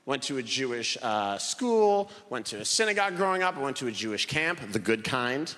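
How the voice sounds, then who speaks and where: A man in his thirties doing a stand-up comedy set on a theater stage, telling animated stories and shouting punchlines in put-on voices. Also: mid-range voice, brisk. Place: theater stage before a laughing audience. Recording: live hall reverb, faint noise.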